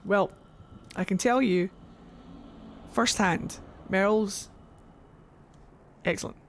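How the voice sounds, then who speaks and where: A woman's voice: mid-range voice, slow, gravelly, pauses often, slight background noise. Brief: chatty Scottish woman streaming a game, rambling, cussing, mid-range voice. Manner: rambling, swears freely. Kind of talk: casual live-stream chat.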